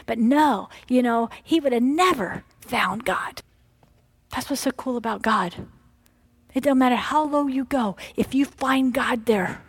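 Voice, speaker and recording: A middle-aged woman preaching a sermon in a high, bright register. She swings between hushed whispers and loud, emphatic cries, acting out the devil's taunts and God's answers. The sound is dry and close, with little room around it. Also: moderate pace, breathy edge, dry recording.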